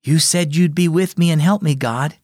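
A man's voice: a little high, normal speed, darkish tone, dry recording, studio quality, pitched above the performer's own voice, close to an everyday voice. A man voicing a nervous young boy in a children's storybook devotional, with a raised, youthful delivery. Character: nervous young boy facing a big dog.

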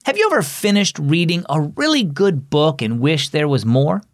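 A man's voice: a little high, very animated, moderate pace, no room sound, studio quality. A man hosting a children's devotional program, reading a story and teaching in a scripted narration. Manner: warm storytelling read, acts out character lines.

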